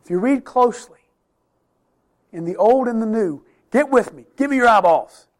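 A middle-aged man leads a Bible lesson for his Sunday school class in a fairly high voice. He speaks earnestly and with emphasis, drawing out key words slowly to drive a point home. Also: animated.

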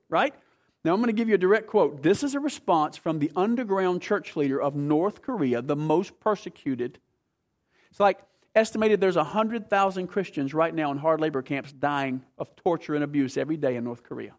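Pastor, male, from the US, fairly high voice, storytelling sermon that urges listeners to pay attention. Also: animated, brisk. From United States. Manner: storytelling, urging the congregation to listen.

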